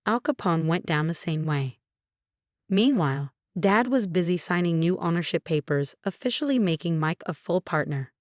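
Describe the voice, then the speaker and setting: A woman narrating a scripted first-person story in a calm, even manner. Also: on the low side, moderate pace, no echo, studio quality.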